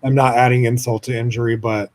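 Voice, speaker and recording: An American man hosting a podcast, telling a personal story in a rambling, gushing way, swearing often, laughing, and swinging from loud to soft. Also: mid-range voice, flat delivery, fast talker, slight background noise. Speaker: podcast host. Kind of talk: casual personal storytelling monologue.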